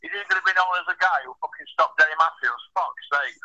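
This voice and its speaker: A man's voice: on the high side, fast talker, few pauses, bright, forceful tone. A man calling in by phone, ranting about boxing in blunt, sweary, numbered points. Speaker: phone-in guest. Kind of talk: profane boxing rant. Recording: tinny phone line.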